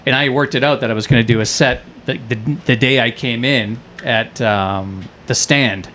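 Male comedian-actor guest, mid-range voice, relaxed and halting, studio mic. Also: mid-range voice, slight background noise. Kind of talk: casual chat, anecdote telling. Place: podcast studio.

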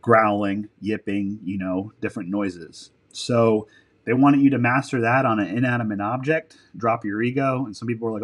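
A man with a somewhat low-pitched voice talking casually as a podcast guest. He rambles through long stories, drops casual swear words and restarts his sentences often. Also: fairly even intonation, normal speed. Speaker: podcast guest, military dog handler. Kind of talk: casual interview storytelling.

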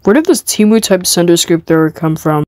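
A woman's voice: lowish voice, lively intonation, a little fast, a little mellow, no echo. A woman commentator making dry, mocking quips about a video. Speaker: commentator picking apart a video. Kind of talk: sardonic commentary.

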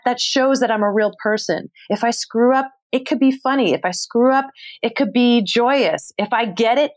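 Animated woman telling a story. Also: fairly high pitch. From New York City. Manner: expressive, swears casually, acts out her own past voice. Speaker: podcast guest, travel show host.

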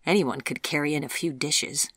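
A narrator voicing a proud young woman who speaks crisply and daringly in an audiobook. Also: low voice, moderate pace, fairly bright tone, no echo, clean studio sound. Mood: challenging. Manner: crisp, daring, a little haughty.

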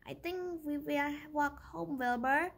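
Brief: cheerful woman witch, gentle and slow, woman reader doing the voice. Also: high voice, heavily acted. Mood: plain.

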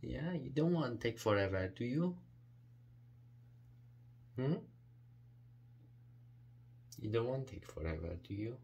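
A man's voice: lowish voice, expressive, slow pace, long pauses, a little mellow, slight background noise. A man at home coaxing his pet bird in repetitive baby talk, asking the same questions over and over. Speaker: pet owner.

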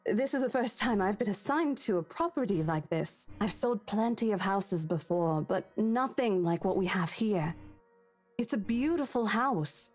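An actress voicing a caring woman real estate agent in a game, speaking gently and with concern. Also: mid-range voice, expressive, measured pace, faint music behind. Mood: reassuring. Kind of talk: game voice acting.

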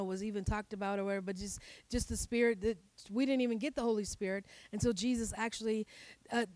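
A woman pastor giving a sermon in a conversational, playful way, often laughing and slipping into animated asides. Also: a little high, dry recording.

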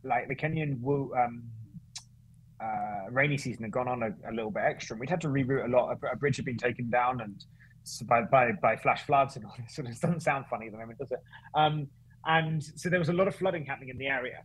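A man with a husky, slightly breathy voice, telling a story as a podcast guest. He talks in animated bursts, restarting and correcting himself as he goes. His pitch sits in a middle range for a man. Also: quick pace, rough recording. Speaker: guest, running events founder. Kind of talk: casual storytelling chat.

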